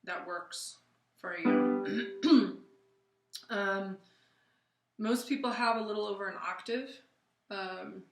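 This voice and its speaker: A woman singing teacher giving a casual vocal lesson, talking through warm-ups in a relaxed, chatty way with plenty of fillers and sung scales between. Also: medium pitch, slow pace, long pauses, echoey room. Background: piano.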